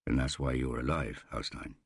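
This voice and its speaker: A man voicing a weary, blunt male detective who speaks in short, steady lines. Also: extremely low pitch, moderate pace, creaky, slightly rough, dry recording, clean studio sound, heavily acted. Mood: grim.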